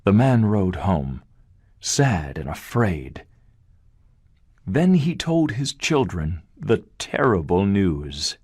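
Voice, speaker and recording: A male English teacher narrating a story slowly and deliberately for language learners. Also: sits low, very animated, a little mellow, husky, dry recording, clean studio sound.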